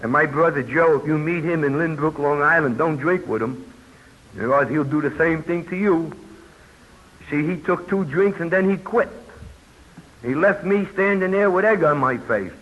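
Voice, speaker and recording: At a recovery convention, an older man from New York shares his testimony in plainspoken fashion, dropping in folksy asides. He talks at a moderate pace in a fairly high pitch. Hiss runs through the muffled old tape.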